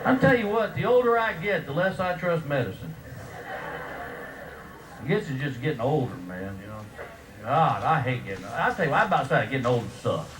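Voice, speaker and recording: A man's voice: medium pitch, animated, brisk. A man, doing a stand-up comedy routine and acting out the voices of the people in his story. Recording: distant echoey recording with loud background noise.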